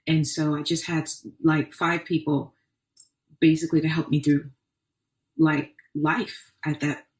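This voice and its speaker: Earnest woman sharing testimony, echoey room. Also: deep voice. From Arkansas. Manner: earnest, faith-filled storytelling with many restarts. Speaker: podcast host. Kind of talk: personal testimony podcast. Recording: echoey room, distant mic.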